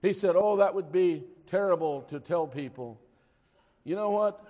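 A man preaching a sermon, telling a story and then pressing his point emphatically before dropping to a hush. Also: sits high, unhurried, big-room sound. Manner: storytelling, rising to emphatic exhortation, drops to a hush.

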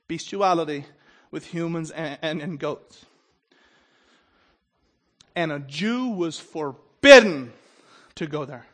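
High-voiced man preaching, stumbling on words. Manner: stumbles and repeats opening sounds, checks in with "Okay?"; swings between loud emphatic bursts and quiet low asides. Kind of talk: sermon.

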